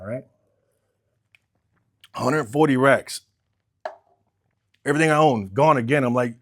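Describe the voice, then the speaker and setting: A man's voice: mid-range voice, measured pace, pauses often. Swearing, storytelling man. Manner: conversational, keeps asking "right?", swears freely, acts out quoted talk. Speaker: car business coach telling his story. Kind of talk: casual personal storytelling.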